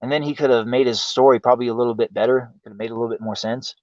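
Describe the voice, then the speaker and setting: A man's voice: mid-range voice, fairly even intonation, rapid-fire, darkish tone, no echo. A man hosting a livestream, ranting with exasperation and heavy profanity and asking why again and again. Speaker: livestream host. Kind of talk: ranting commentary. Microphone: home streaming mic. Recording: dull lo-fi stream audio.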